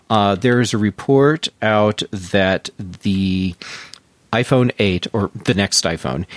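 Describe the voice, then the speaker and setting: A man's voice: lowish voice, no echo. A man co-hosting a casual tech podcast, explaining news in a loose way with many fillers and restarts. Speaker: podcast co-host.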